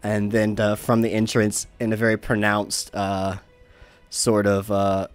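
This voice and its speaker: A man runs a tabletop game, describing the scene in a loose, rambling way. His voice sits low, and he restarts sentences often. Faint music plays underneath. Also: monotone, a little slow, clean tone. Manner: rambling narration with many fillers and restarts, laughing. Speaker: game master.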